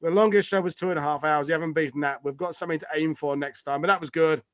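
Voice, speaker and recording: A man's voice: a little high, steady tone, fast talker, no echo, studio quality. A man hosting a live online history chat, rambling and joking, with casual swearing, on a video call.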